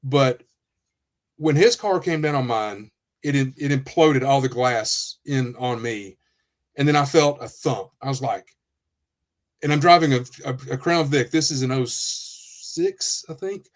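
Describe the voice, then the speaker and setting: A former police officer telling a story on a podcast, animated, acting out what people said and often restarting his sentences. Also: mid-range voice, measured pace. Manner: animated storyteller, acts out quotes, frequent restarts. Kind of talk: casual storytelling in a podcast interview.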